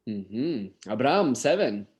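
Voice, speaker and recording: Slow, sing-song English teacher. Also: mid-range voice, very animated, darkish tone. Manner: slow, drawn-out emphasis on key words; switches to Spanish to explain. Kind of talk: online English class.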